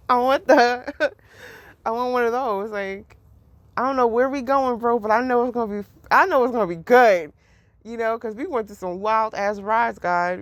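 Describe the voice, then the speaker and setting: A woman's voice: mid-range voice, no room sound. A woman hosting a podcast, talking in a rambling, profane way about faith. She laughs often and says "like" constantly. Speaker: podcast host. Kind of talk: casual spiritual reflection.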